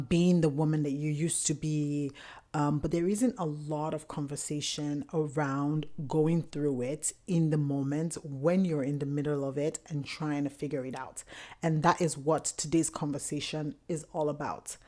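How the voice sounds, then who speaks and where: A young woman hosting her own podcast, telling a personal story in a candid, animated way and acting out quotes. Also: low-pitched. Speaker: podcast host. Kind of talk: personal solo podcast talk.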